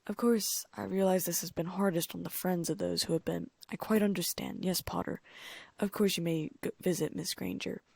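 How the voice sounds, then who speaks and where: A woman reading an audiobook, voicing a stern, strict older female professor who speaks briskly. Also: lowish voice, steady tone, gravelly, darkish tone, slightly rough, no room sound.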